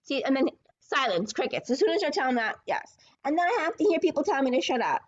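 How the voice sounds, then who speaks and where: A woman's voice: high-pitched, big pitch swings, fast, dull audio, a little hiss or hum. A woman hosting a sports podcast, ranting in a combative, profane and sarcastic way. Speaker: podcast host.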